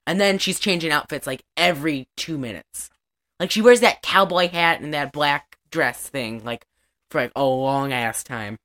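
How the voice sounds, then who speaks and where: A woman's voice: sits low, normal speed, fairly bright tone. A young woman in casual podcast chat, recapping a movie in a rambling way with lots of "like" fillers and acted-out lines. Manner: rambling, many "like" fillers, acts out lines from the film. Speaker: podcast co-host.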